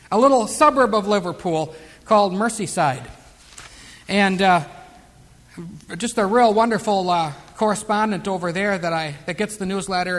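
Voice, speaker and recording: A man's voice: sits high, fairly bright tone. Man preaching in a reverberant hall. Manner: emphatic scripture reading, slow drawn-out verses. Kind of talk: sermon.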